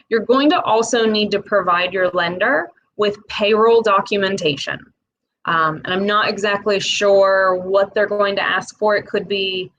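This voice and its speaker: A woman with a Midwestern accent, talking casually to camera and explaining a small business loan program in a direct, chatty way with quick asides. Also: medium pitch, fairly bright tone, slight background noise, poor audio. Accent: Midwestern American.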